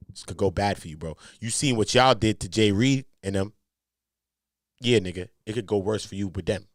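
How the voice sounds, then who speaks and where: A man hosting a commentary show, talking in heavy slang, emphatic, jumping from loud outbursts to low mutters. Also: normal speed, dry recording, clean studio sound. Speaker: commentary host. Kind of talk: animated commentary.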